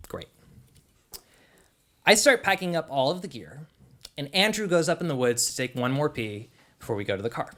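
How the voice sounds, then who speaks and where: Animated young man telling a story. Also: a little high, normal speed, pauses often. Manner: animated, conversational, lots of "like". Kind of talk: live personal storytelling.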